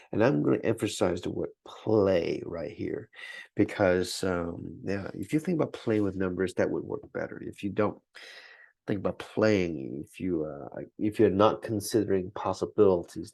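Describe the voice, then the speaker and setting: A man teaching math in a recorded lesson. He talks through each step aloud, checks in with "okay?", and keeps it relaxed and encouraging. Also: sits low, vocal fry.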